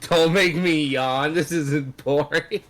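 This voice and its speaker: A man narrating a tabletop game as game master, animated and casual, laughing often. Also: on the high side, slow.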